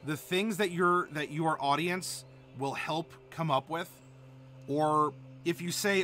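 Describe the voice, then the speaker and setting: A man's voice: on the high side, measured pace, pushed and bright, a little hiss or hum. A man from Ohio hosting a live stream, chatting casually and answering chat with many fillers. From Ohio, USA. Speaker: streamer host.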